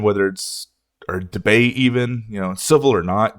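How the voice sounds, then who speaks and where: A low-voiced man talks through a music reaction in a loose, rambling rant. He swears often and gets worked up. His voice is close and dry, with no room echo. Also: measured pace. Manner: ranting, profane, animated. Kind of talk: casual reaction commentary.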